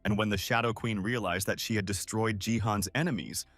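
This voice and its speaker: A man's voice: lowish voice, steady tone, brisk, fairly bright tone, dry recording. A man narrating a comic recap in a storytelling manner, reading quotes in line with the story. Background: faint music.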